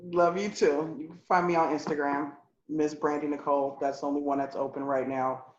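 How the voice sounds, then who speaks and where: A woman's voice: sits low, steady tone, brisk. A woman co-hosting a podcast, talking bluntly and profanely in casual chat. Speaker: podcast co-host. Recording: echoey, dull lo-fi room sound.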